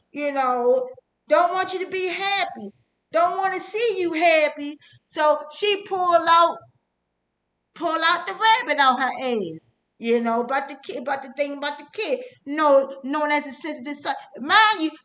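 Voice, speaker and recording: A woman's voice: high-pitched, a bit bright. A middle-aged woman telling a personal testimony story in a casual, rambling way, full of stammers, filler sounds, swearing and tag questions. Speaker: testimony speaker.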